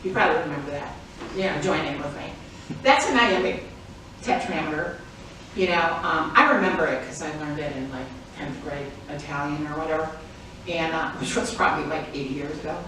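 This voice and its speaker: A woman's voice: sits low, brisk, hardly any pauses, sharp tone. An older woman giving an informal, chatty performance talk as an author at a library, laughing often as she speaks. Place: public library event room. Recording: very echoey room, distant mic, faint noise.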